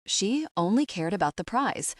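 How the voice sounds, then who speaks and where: A woman's voice: medium pitch, very animated, moderate pace, dry recording, studio quality. A woman narrator voicing a rugged, protective young man in an audiobook, speaking firmly and directly. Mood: earnest firm. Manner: firm and direct. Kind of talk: audiobook dialogue.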